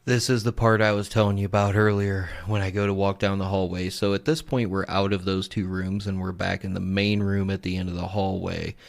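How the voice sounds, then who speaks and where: Gravelly low-voiced man hosting a podcast. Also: level tone, brisk, hardly any pauses. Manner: laid-back, swears freely. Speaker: podcast host. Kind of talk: casual narration of recorded clips.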